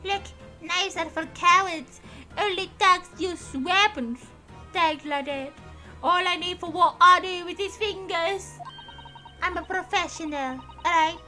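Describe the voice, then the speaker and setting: A brash young street pickpocket with slangy swagger, as a woman game streamer voices her. The voice sits very high and sounds sharp and bright. Faint music plays behind. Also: fairly even intonation, a little slow, full character voice. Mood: cocky.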